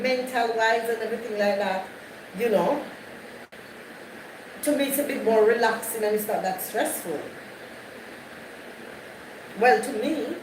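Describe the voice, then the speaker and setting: A woman's voice: on the high side, far from the mic. A woman hosting a live stream, chatting casually with viewers, greeting them by name and repeating herself. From Jamaica. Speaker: livestream host. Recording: echoey, off-mic, noisy background.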